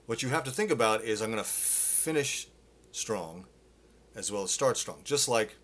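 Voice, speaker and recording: Man, vocal coach, middle-aged, bright tone, casual live-lesson delivery. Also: fairly low pitch, animated, normal speed. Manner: casual, explains with demonstrations and filler words.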